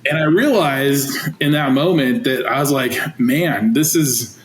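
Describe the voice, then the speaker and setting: A man in his forties, a teacher and coach, telling stories in an animated, chatty way with lots of fillers. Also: mid-range voice, a little slow. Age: 40s. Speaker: teacher and football coach, guest. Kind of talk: casual storytelling interview. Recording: roomy echo, faint noise.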